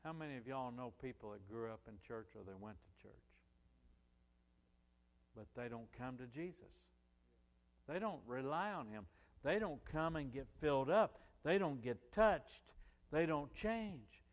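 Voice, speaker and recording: An older man preaching a sermon, rising loud on key phrases and dropping to softer asides. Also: mid-range voice, lively intonation, measured pace, long reverb tail.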